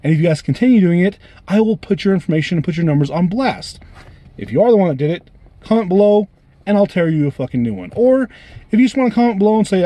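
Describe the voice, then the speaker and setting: A man's voice: high voice, animated, fast talker, mellow, no echo. A man telling a story as an angry, profane rant, heated and repetitive as he vents to his viewers. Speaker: vlogger.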